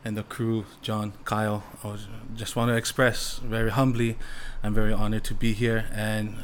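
A man's voice: on the low side, flat delivery, moderate pace, slight background noise. Humble, earnest man from Hawaii. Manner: humble, earnest and warm, with easy laughs. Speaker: guest, natural farmer. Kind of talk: casual podcast interview.

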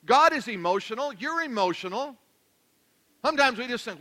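A male pastor preaching a sermon, animated and joking, swinging between loud declarations and hushed asides. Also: extremely high pitch, a little fast.

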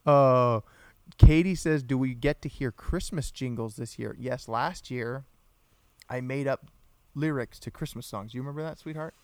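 A man's voice: mid-range voice, moderate pace, no echo. A man co-hosting a casual live podcast, joking, laughing often and reading out viewer comments. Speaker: podcast co-host. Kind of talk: casual live-stream chat.

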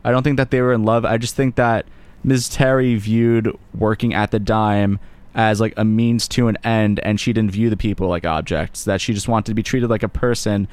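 A man's voice: on the low side, steady tone, normal speed, a little mellow, clear, resonant tone. A young man co-hosting a casual podcast discussion, blunt and swearing freely as he argues his points. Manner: blunt, swears, quotes lyrics with emphasis. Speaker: podcast host.

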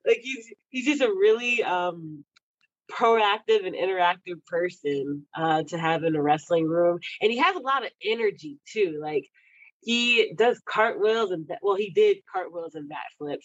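A woman's voice: fairly low pitch, animated, normal speed, dry recording, muffled recording. Chatty young woman, laughing guest. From Texas. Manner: chatty, laughs often, says "freaking". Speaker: athlete guest. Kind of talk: casual interview chat.

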